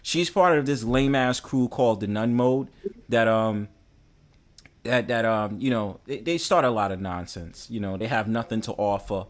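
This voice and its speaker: A man's voice: on the low side, moderate pace. A man with a New York accent hosting a casual livestream panel, teasing and bantering as he talks. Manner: bantering, repeats "you know what I'm saying".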